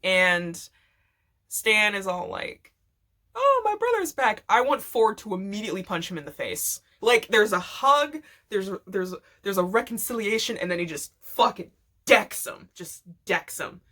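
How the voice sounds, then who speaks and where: A woman rambles through a casual story, swearing freely and breaking into laughs along the way. Her voice sits at an ordinary middle pitch for a woman. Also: moderate pace, pushed and bright. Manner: rambling, profane, laughs often. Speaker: vlogger.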